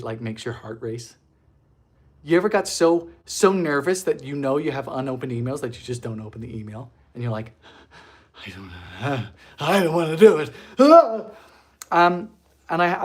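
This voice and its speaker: A man chats his way through a baking livestream in a home kitchen, goofy and giggly. His voice is lively, swinging up and down as he talks to viewers. The pitch sits in a middle range for a man. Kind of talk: casual livestream chat.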